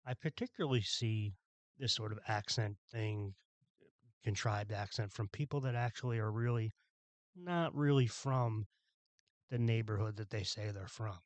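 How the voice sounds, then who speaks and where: A man's voice: on the low side, normal speed, dry recording. A man from Philadelphia hosting a solo podcast, ranting bluntly with exasperation and plenty of profanity. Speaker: podcast host.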